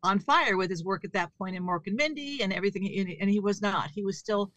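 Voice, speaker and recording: Bright-voiced woman as an interview guest. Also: mid-range voice, lively intonation, quick pace, no room sound. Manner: candid, conversational storytelling. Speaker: actress, comedian and author guest. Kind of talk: casual interview chat.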